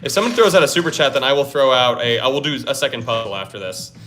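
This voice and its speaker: Here a young male streamer works through puzzles aloud in a casual broadcast, hyping himself when a solution lands. The voice sits at medium pitch, fairly bright in tone, and moves at a fast clip over quiet lo-fi music.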